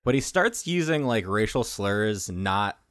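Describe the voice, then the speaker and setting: A man's voice: fairly low pitch, sing-song, measured pace, fairly bright tone, clear, resonant tone, no echo, clean studio sound. A man in casual podcast chat, blunt and brief. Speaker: podcast co-host.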